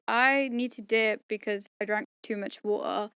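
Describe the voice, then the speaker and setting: A woman's voice: a little high, fairly even intonation, moderate pace, few pauses, a bit bright, smooth, no room sound. A woman narrating an audiobook, chatting through bloopers in a tired, strained voice, rambling and joking at herself. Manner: rambling, self-mocking, tired. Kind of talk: casual bloopers and outro chat.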